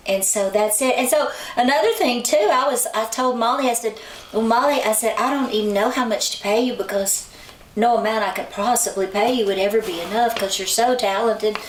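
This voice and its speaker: A woman's voice: on the high side, fairly quick. A woman, a songwriter and author, casually telling stories and acting out the people she quotes. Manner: chatty, acts out quoted people with lively shifts in voice. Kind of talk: casual storytelling in an interview. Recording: roomy sound from a distant mic, faint noise.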